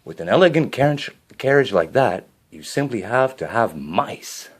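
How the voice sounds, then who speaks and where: A man reading a storybook, voicing a kindly, brisk old fairy godmother in a raised, motherly voice. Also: medium pitch, expressive, breathy edge. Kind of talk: storybook character voice.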